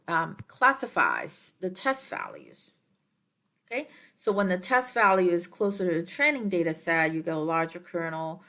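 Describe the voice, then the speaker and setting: Woman lecturing with steady explanation. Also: lowish voice. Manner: measured, explanatory, with frequent um and uh fillers. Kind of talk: recorded lecture explaining slides.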